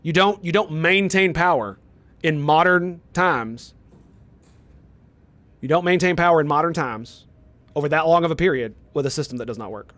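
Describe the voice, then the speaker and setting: A man's voice: fairly high pitch, lively intonation, moderate pace, long pauses, fairly bright tone, no echo. A young man streaming a game, arguing heatedly with his chat, swearing and firing off rhetorical questions. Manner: heated, profane ranting at chat; argumentative, fires rhetorical questions. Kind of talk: casual live-stream chat.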